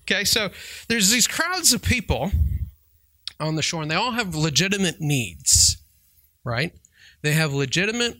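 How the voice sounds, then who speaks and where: Bright-voiced guy giving a chatty faith talk, keeps saying right?, dry close sound. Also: fairly high pitch, no room sound. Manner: conversational, keeps asking "right?"; chuckles while telling stories. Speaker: Christian counselor and speaker. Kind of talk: casual faith teaching.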